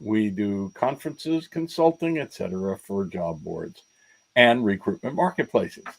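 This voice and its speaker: American dude cohosting, dry jokey intros, lowish voice. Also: male voice, animated, a little slow, gravelly, poor audio. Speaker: podcast co-host. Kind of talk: podcast chat.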